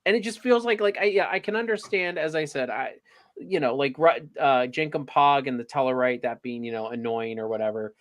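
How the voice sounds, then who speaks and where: A man's voice: medium pitch, fairly even intonation, fairly quick, a bit bright. A man in a casual review chat, stammering and repeating words as he vents his frustration.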